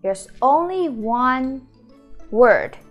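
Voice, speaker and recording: A woman, the founder and teacher of a Mandarin school, giving a beginner lesson and sounding out each syllable slowly and repeatedly. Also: sits high, lively intonation, muffled recording, faint music behind. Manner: slow, drawn-out model pronunciations with repeated syllables.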